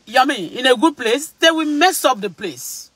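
Vlogger, Nigerian Yoruba-accented man, very high pitched, emphatic and repetitive, dry close sound. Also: animated, moderate pace, a bit bright, breathy edge, dry recording, low-quality recording. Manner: emphatic, repetitive, switching between English and Yoruba. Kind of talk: preachy casual monologue.

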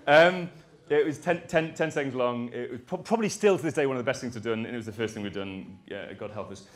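A man's voice: mid-range voice, brisk. A man giving a conference talk, rambling and self-deprecating, with jokey asides. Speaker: conference speaker.

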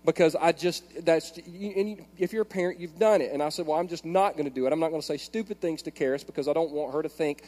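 Male pastor, sermon style, high-pitched, with a long reverb from a large hall. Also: fast, hardly any pauses. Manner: animated storytelling, swings from hushed prayer to shouting.

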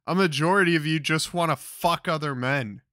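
A man's voice: a little high, moderate pace, bright, forceful tone, no room sound, clean studio sound. A young man giving crude, exasperated commentary, swearing constantly as he reacts to clips. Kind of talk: profane ranting commentary.

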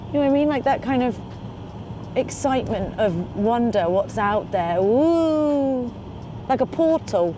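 An excitable, chatty woman vlogging from a moving car, swearing casually as she talks. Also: a little high, moderate pace. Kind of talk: casual road-trip chat. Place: in a car on the road. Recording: road noise behind. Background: car and road noise.

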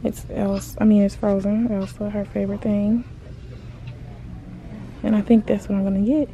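A woman vlogging to camera in a chatty, expressive way, calling her viewers y'all as she films with a handheld phone in stores and her car. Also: medium pitch, moderate pace, long pauses. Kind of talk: casual vlog talk to camera. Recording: noisy background.

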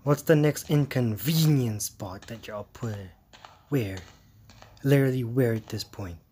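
A man playing a horror game, muttering jittery, exasperated commentary with hushed asides. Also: mid-range voice, a little slow, slight background noise. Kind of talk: let's-play commentary.

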